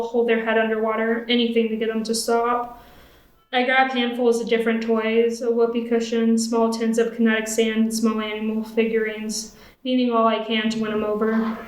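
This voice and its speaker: Young woman, student reader, steady narration, slightly high, roomy stage sound. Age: young adult. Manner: steady first-person reading. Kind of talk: reading fiction aloud. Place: stage at a live event.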